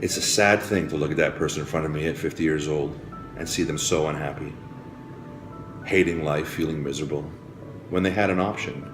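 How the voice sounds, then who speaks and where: A man giving a preachy, repetitive motivational speech about health, swinging from hushed, grave passages to rousing calls to change. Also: very deep voice, brisk. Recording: roomy with faint music behind.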